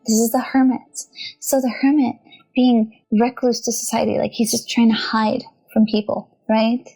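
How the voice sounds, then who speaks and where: A woman casually teaching tarot, chatty and animated, often giggling and addressing viewers directly. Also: a little high, moderate pace, vocal fry. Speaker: tarot reader and channel host.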